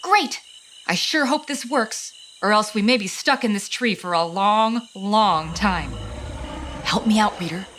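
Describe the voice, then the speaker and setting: A woman hosting a children's storytelling show who speaks gently and coaxingly to the child watching. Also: mid-range voice, measured pace, a little hiss or hum.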